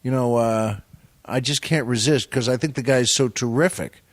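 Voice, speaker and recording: A man's voice: medium pitch, normal speed, no room sound, clean studio sound. A man, a comedian and actor guesting on a podcast, telling show business anecdotes in a rambling, self-deprecating way with plenty of restarts.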